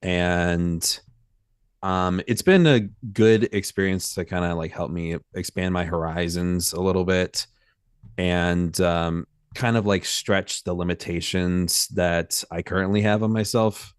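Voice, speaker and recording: A man with a deep, smooth voice speaks earnestly and hedges his words. The recording is dry and close, with no room sound. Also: fairly even intonation, measured pace, dry recording. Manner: earnest, hedging with fillers. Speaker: new voice actor. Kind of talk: casual stream chat.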